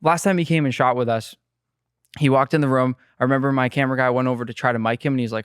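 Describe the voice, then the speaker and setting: A man in his twenties, a guest chef, telling rambling, animated stories in a casual podcast interview. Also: medium pitch, fast, smooth, no room sound, studio quality.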